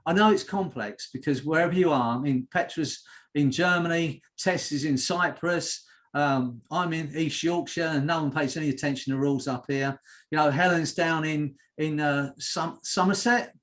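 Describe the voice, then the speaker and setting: A male hypnotherapist leading a group hypnosis session over a video call, slow and soothing, with repeated suggestions. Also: fairly high pitch, fairly bright tone.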